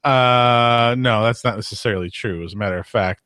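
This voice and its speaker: A man's voice: medium pitch, normal speed, a bit bright, no room sound, studio quality. A man co-hosting a live show in casual chat, blunt and opinionated. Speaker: podcast co-host.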